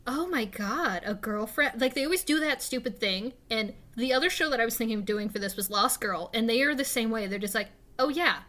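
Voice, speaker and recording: A woman co-hosts a casual podcast chat, her voice sitting a little high with a bright edge. She talks in an animated rush, swearing freely and breaking into laughter often. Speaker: podcast co-host.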